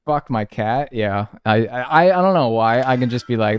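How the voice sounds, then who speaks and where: With a clean, mid-range voice at normal speed, a man swears freely and chats casually during a video game stream. He rambles through animated anecdotes, doing voices for the people in them, while music plays faintly in the background.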